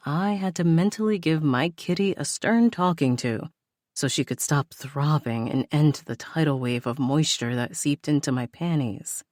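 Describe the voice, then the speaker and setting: A woman reading a first-person romance novel aloud in a sultry, unhurried narration. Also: sits low, a little mellow, no echo, clean studio sound. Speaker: audiobook narrator.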